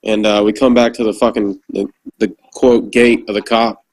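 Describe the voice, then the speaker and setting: A former Marine corporal, appearing as a guest, swaps war stories in a loose, foul-mouthed chat, animated and profane as he tells them. His voice is lowish and his pace normal, but the audio quality is poor.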